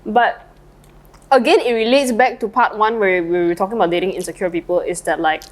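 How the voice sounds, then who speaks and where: The audio is poor, and the woman's mid-range voice is fairly quick with fairly even intonation. Co-hosting a podcast, she chats casually and rambles with frequent fillers, eating lunch while slightly tipsy.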